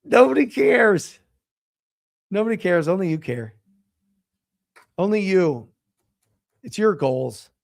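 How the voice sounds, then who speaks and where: Middle-aged male coach, slightly high voice, animated emphatic motivational talk. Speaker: real estate coach and show host.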